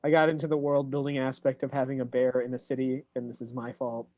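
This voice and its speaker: Joking male player, mid pitch, recorded dry and lo-fi. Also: quick pace, no echo. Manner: animated, joking. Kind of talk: casual tabletop play.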